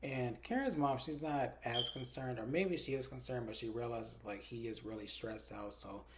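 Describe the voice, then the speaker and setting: A man's voice: medium pitch, normal speed, noisy background. A man in a casual recap vlog who retells scenes with lots of "like" and swears freely. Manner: chatty, retells dialogue with lots of "like". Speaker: TV episode reviewer.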